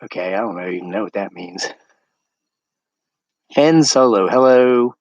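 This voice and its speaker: A man's voice: fairly low pitch, measured pace, no echo, muffled recording. An American man hosting a casual homesteading livestream at night outdoors, chatting and rambling to his live viewers. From United States.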